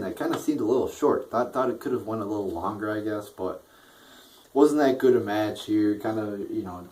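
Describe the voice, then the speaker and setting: Sounding bored and dismissive, a wrestling reviewer with a fairly low, darkish voice swears often as he rambles crudely and bluntly. His recording is rough.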